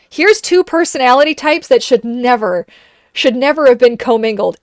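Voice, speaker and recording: Woman in her 30s, casual streamer, animated storyteller, dry studio sound. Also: fairly high pitch, no room sound. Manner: animated storyteller, acts out quoted voices. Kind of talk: casual chat.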